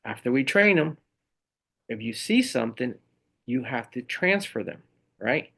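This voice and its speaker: A middle-aged man with a gravelly edge to his voice, talking as a podcast guest. He tells his stories with energy and slips into the voices of the people he quotes, keeping it casual and conversational. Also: medium pitch, a little slow. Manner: animated storytelling, acts out quoted people. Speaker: podcast guest, leadership speaker. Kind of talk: casual interview talk.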